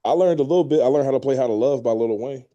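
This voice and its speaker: A man's voice: mid-range voice, racing, warm tone, dull audio. A young man co-hosting a podcast in casual chat, laid-back and joking. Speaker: podcast co-host.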